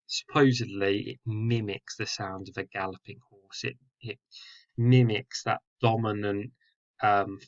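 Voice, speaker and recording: A man with a lowish voice explains a poem slowly and carefully, stopping for fillers and fixing his own words as he goes. The recording sounds a little dull and lo-fi. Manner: explanatory, with fillers and self-corrections. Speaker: English teacher. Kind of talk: poetry lesson explanation.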